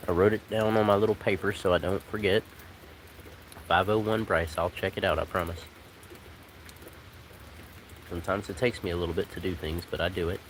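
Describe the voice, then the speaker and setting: Low-voiced man streaming from a rainy porch. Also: moderate pace, long pauses, low-quality recording. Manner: relaxed, rambling, talks to cats and chat. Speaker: live streamer. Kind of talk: casual live-stream chat. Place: outdoors on a porch in the rain. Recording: rain noise outdoors. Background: rain.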